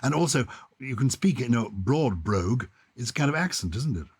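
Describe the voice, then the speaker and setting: A man's voice: mid-range voice, animated, moderate pace, slightly rough, no room sound. An older man, co-hosting a chatty podcast about words, talking with enthusiasm and frequent restarts. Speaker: podcast co-host. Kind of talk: casual conversation about words.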